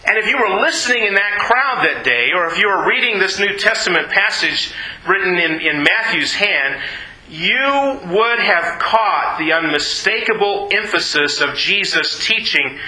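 Bright, slow-paced preacher in an echoey room. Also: male voice. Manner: emphatic, repeats words, drops low and slow for key phrases. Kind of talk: sermon.

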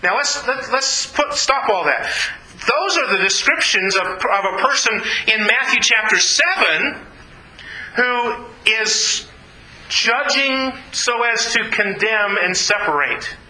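Bright-voiced pastor preaching in an echoey room. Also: male voice, extremely high pitch, animated, slow pace. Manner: earnest, conversational preaching with repeated phrases. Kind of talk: sermon.

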